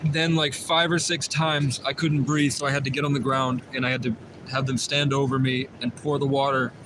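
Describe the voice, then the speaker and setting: A man's voice: medium pitch, level tone, moderate pace. A man talks at length on a livestream, circling back over the same points and restarting his sentences. His voice sits in a middle register. Faint vehicle noise hums in the background. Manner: rambling, repetitive, many restarts. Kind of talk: livestream monologue.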